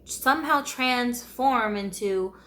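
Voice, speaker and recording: A woman's voice: fairly high pitch, slow, pushed and bright. A woman from the United States telling her life story in a candid, conversational vlog, often laughing wryly.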